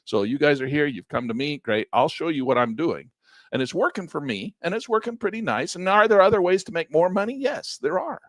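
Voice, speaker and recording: Animated male investing host, slightly high voice, dry close sound. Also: fairly quick, dry recording. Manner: animated, emphatic, repeats himself. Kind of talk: casual talk to viewers.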